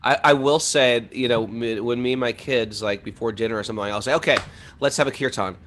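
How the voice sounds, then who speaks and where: A middle-aged man talking in a casual, animated way about spiritual life, laughing often as he tells stories. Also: medium pitch, brisk, background noise. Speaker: podcast host.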